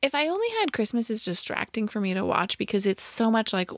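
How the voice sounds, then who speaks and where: A woman co-hosts a podcast in a casual movie review chat. She is wry and opinionated, with quick asides, and her voice sits at an ordinary middle pitch. The sound is dry and close to the mic. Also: big pitch swings, no echo. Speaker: podcast co-host.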